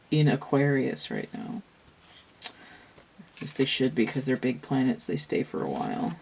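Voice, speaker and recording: A woman with a low, deep voice reads tarot cards in a casual, unscripted way. She thinks aloud as she goes, wandering and restarting her sentences. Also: darkish tone. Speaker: tarot reader. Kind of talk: casual tarot reading talk.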